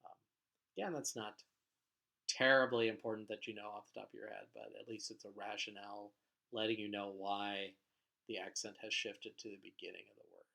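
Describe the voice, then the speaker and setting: In a recorded lecture, a man teaches biblical Hebrew vocabulary patiently, explaining as he goes, with frequent filler sounds and phrases that trail off quietly. His voice is lowish, level and gravelly, and he speaks fairly quickly.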